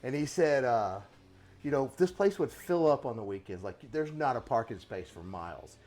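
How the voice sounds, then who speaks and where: A man's voice: mid-range voice, animated, moderate pace, a little mellow. A middle-aged man hosting a casual workshop chat, telling long rambling stories and chuckling often. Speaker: host.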